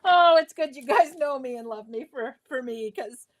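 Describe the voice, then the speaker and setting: A woman's voice: sits high, expressive, normal speed, a little hiss or hum. A woman hosting a live crafting tutorial from her home craft space, chatting playfully with viewers as she works. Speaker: craft demo host.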